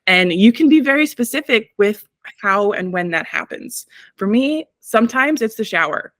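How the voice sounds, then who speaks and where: A woman's voice: fairly high pitch, animated, moderate pace, dry recording. Woman guest talking wellbeing stuff, thoughtful, lots of ums, dry close sound. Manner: reflective, frequent "um" fillers, laughs between points. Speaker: wellness professional guest. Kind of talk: casual interview talk.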